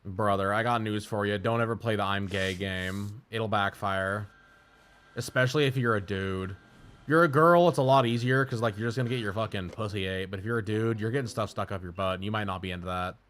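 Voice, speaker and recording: A man's voice: fairly low pitch, fairly even intonation, a little fast, fairly bright tone. A man streaming live, telling rambling, profane stories in casual chat.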